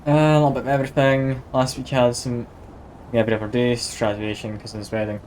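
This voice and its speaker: A man's voice: mid-range voice, flat delivery, fast talker, a little mellow, slight background noise. A man with a Scottish accent chatting casually with his viewers while live-streaming a video game. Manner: chatty, easygoing, talks to chat while playing.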